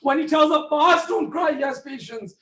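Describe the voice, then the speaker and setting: A man delivering an impassioned sermon to a congregation, often raising his voice to a near shout and putting questions directly to his listeners. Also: very high-pitched, normal speed. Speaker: speaker at a mourning gathering. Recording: echoey hall.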